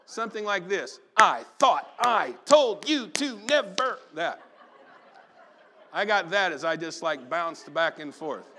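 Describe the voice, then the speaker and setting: High, bright-voiced man preaching a sermon. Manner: storytelling, animated, acts out family members. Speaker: pastor. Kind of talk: sermon with personal story.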